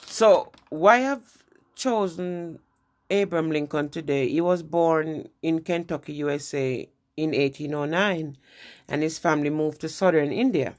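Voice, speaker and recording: A woman's voice: deep voice, a little slow. A woman giving an informal history lesson in a conversational way, often restarting phrases. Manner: conversational, with frequent restarts and "you know". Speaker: presenter.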